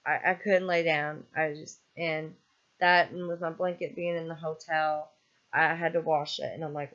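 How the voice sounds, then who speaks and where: Casual vlog rant, angry, swearing, worn out, mid pitch, muffled lo-fi sound. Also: level tone, a little fast, fairly bright tone. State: weary and fed up. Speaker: vlogger. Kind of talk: casual venting monologue. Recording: dull lo-fi recording.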